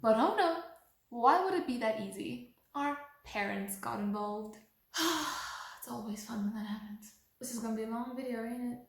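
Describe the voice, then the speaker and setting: A young woman telling a storytime vlog in an animated way, acting out what people said. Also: a little high, normal speed. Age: young adult. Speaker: vlogger. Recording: echoey room.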